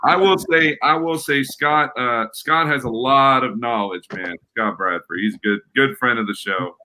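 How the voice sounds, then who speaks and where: Male podcast host, bright tense tone, casual and jokey. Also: mid-range voice, moderate pace, slight background noise. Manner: jokey, rambling, laughs often.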